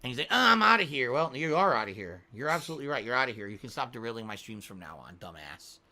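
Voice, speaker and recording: A man streaming live, reading chat aloud and mocking trolls in an animated, laughing way. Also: mid-range voice, fast.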